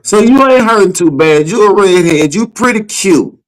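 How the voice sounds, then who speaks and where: Emphatic Black man, higher voice. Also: moderate pace, rough recording. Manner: animated, emphatic, ranting. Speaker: co-host. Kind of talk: casual podcast chat.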